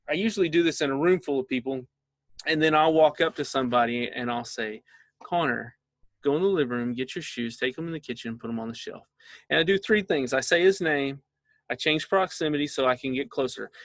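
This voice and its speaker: A man's voice: medium pitch, fairly bright tone, no echo. A middle-aged man, a father, leading a casual training session for parents and often checking in with his listeners.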